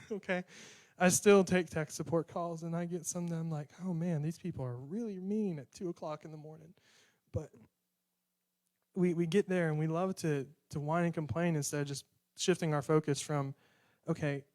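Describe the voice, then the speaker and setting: Young guy giving a sermon, slightly high voice, chatty preaching, acts out little dialogues. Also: fairly even intonation, normal speed, darkish tone.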